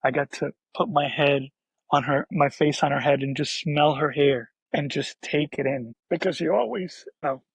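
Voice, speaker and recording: A man speaks with a gravelly, husky voice pitched a little high. He tells an emotional personal story as a podcast guest, soft-spoken and halting, often starting his sentences over. The sound is dry and dull, as on a muffled remote recording. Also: no room sound.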